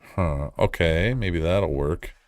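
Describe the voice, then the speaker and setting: A man's voice: sits low, slow, dry recording. A man streaming casually, rambling and frustrated, mocking himself as he chats with viewers. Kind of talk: casual live-stream chat.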